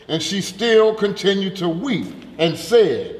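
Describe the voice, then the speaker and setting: A man reading scripture aloud, slow and deliberate, his voice sitting a little high. The room is echoey with a long reverb tail and faint background noise. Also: big pitch swings. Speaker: scripture reader. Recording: roomy hall echo, faint background noise.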